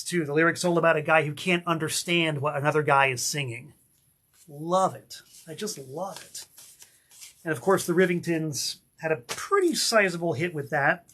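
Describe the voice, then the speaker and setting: Excitable man with a bright voice. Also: on the high side. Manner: excitable, exclaims and sings snippets of songs. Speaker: record label owner and vlogger. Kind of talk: enthusiastic record collection show-and-tell.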